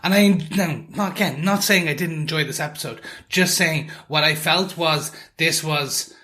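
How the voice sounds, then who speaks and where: A man's voice: a little high, normal speed, pushed and bright. A man co-hosting a podcast in casual chat, rambling and correcting himself as he goes. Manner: rambling, self-correcting with many restarts. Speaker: podcast co-host.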